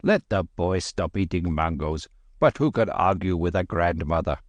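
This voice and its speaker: A man's voice: deep voice, normal speed, no echo, voice pushed down, lightly acted. A man voicing a sly, grumbling male servant who mutters complaints in an audiobook. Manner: muttering, then respectful. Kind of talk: audiobook character voice.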